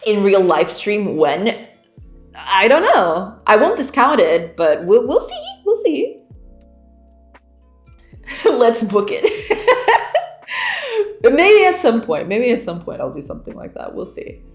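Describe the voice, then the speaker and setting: A woman's voice: mid-range voice, sing-song, slow pace. Giggly woman chatting on a stream. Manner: giggly, chatty, reads chat aloud. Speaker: game developer streamer. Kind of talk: casual livestream chat with viewers. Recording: roomy echo with faint background music.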